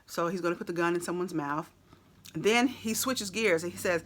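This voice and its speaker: Woman, lower-pitched and bright-toned, casually talking a song's lyrics through with frequent ums and likes. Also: a little fast. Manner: chatty, explanatory, frequent fillers. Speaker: lyrics explainer. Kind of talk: casual explanation of song lyrics.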